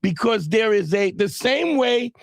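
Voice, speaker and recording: High, gravelly man lecturing. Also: lively intonation, a little slow, no room sound. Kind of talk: earnest debate on a podcast.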